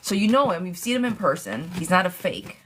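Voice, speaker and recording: A woman's voice: fairly low pitch, sing-song, brisk, fairly bright tone, a little hiss or hum. A woman giving a live-streamed tarot reading, blunt and chatty, calling her viewers sweetheart and friend. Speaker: tarot reader.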